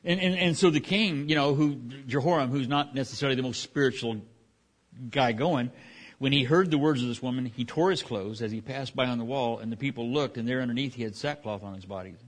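A man's voice: mid-range voice, a little fast. A middle-aged man as pastor preaching a sermon, talking conversationally with frequent restarts and asides.

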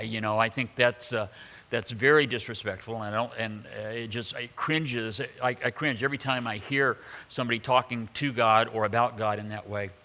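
A man's voice: medium pitch, sharp tone, in a large hall. A man preaching a sermon in a conversational way, with joking asides, many fillers and restarts. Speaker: pastor.

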